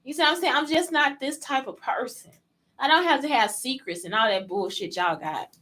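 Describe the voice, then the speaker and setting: A brisk woman with a high, sharp-toned voice hosts her own casual podcast, swearing freely and speaking bluntly. She throws rhetorical questions at listeners she calls "y'all," and the audio is poor.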